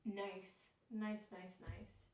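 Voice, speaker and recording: A woman's voice: mid-range voice, little pitch movement, darkish tone, distant mic. A woman with a Northeast Ohio accent giving a live tarot reading, easygoing and full of fillers. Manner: slow and easygoing, many fillers. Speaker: tarot reader. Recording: echoey room, voice away from mic.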